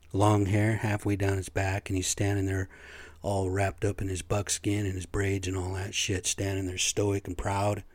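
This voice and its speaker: A man rambles through his own podcast in a loose, foul-mouthed monologue, blunt and full of fillers. His voice sits a little low and sounds dry and close on the podcast microphone. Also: a little mellow, no room sound. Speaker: podcast host.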